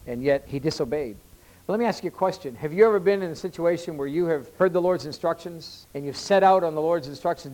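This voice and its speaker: Emphatic pastor with a higher voice. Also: male voice, low-quality recording. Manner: builds to loud emphatic rises, slows to read scripture. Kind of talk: sermon.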